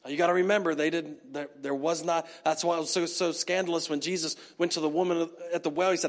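A man preaching a sermon as pastor, telling the story in an animated way and acting out the characters. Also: fairly high pitch, fast, few pauses.

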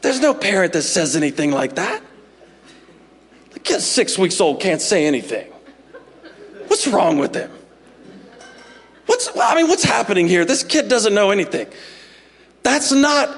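A man preaching a sermon as pastor, animated and jokey, acting out little scenes in voices. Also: very high-pitched. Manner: animated, jokey, acts out parents and God in voices.

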